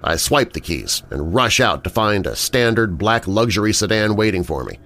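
A man narrating a first-person horror story in an expressive storytelling manner. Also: on the low side, normal speed.

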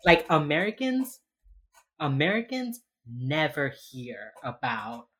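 A woman co-hosting a podcast in casual chat, recapping a TV episode with animated storytelling, acting out the characters' lines and swearing casually. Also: low-pitched, slow pace. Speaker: podcast co-host.

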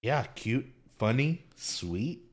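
Easygoing podcast guy, recapping in an unhurried way, quick to laugh. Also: mid-range voice. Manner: relaxed, laughs often while summarizing. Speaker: podcast co-host. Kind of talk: casual chat.

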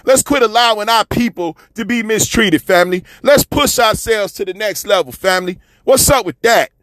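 Male radio commentator, high voice, preachy, shouts then drops low. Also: moderate pace, no echo, clean studio sound. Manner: preachy, repetitive, calls listeners "family" and "man"; swings from loud shouting to low mutters. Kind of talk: fiery street-talk commentary.

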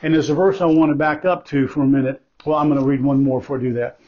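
A man's voice: a little high, steady tone, fast. A man preaching a sermon as pastor, emphatic and conversational, repeating key phrases for stress and breaking off into asides. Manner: conversational, with asides and self-corrections. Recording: dull lo-fi recording.

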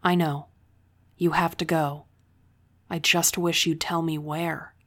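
A woman voicing a young woman, the heroine's loyal best friend, speaking softly and earnestly. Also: sits low, flat delivery, slow. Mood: tender. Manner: soft, earnest and tender.

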